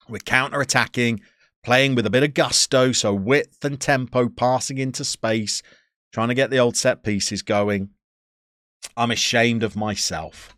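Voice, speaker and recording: A man's voice: medium pitch, a bit bright, no echo, clean studio sound. Chatty British man streaming a game. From United Kingdom. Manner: chatty, self-mocking, reads out chat. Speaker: streamer playing a football manager game. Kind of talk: casual live-stream commentary.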